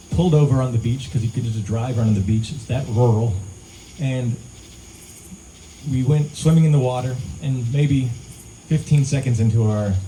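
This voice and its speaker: A male singer-songwriter telling a relaxed, conversational story between songs at a live outdoor show, into a stage mic. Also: medium pitch, a little hiss or hum, rough recording. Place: live music venue, outdoors among pines.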